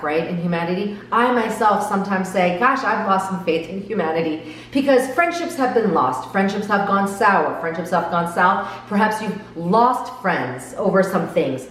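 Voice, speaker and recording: A woman's voice: medium pitch, distant mic. Earnest woman, echoey and off-mic. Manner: earnest, asks viewers direct questions. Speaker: commentator on TV dramas. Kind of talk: reflective solo commentary. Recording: echoey room, voice off-mic, faint background.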